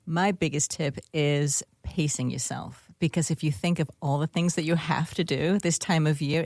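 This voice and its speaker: A woman's voice: deep voice, a little mellow, no echo, studio quality. A middle-aged woman from England, a guest in an interview, telling her story in a friendly way. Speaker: podcast guest, business owner. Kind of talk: interview conversation.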